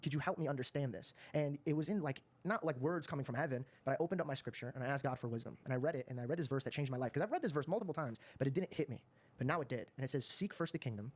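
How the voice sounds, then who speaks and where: Male podcast host, earnest storyteller, talks extremely fast. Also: mid-range voice. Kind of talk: interview conversation.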